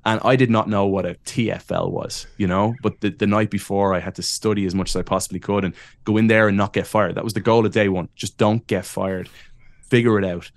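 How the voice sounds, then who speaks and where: A man in his thirties with an Irish accent, a podcast guest telling lively, self-deprecating stories and laughing often. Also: lowish voice, brisk, no echo. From Ireland. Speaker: podcast guest, wrestling announcer. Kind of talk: casual interview storytelling.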